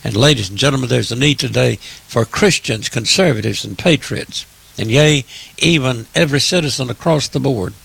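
A man's voice: medium pitch, moderate pace, gravelly, fairly bright tone, breathy edge. A man delivering preaching political commentary, emphatic and repetitive, addressing his listeners as in a sermon.

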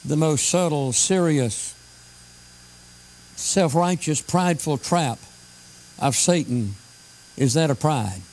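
A man preaching a sermon, slowing down to stress scripture lines. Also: a little high, lively intonation, a little mellow, slight background noise, poor audio. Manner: emphatic, slows down to stress scripture.

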